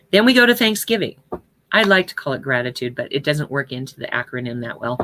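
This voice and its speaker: A woman's voice: extremely low pitch, very animated, fairly quick, noisy background. A woman giving a conversational spiritual teaching talk on prayer, often checking in with her listeners. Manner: conversational, checks in with "right?" and "okay?".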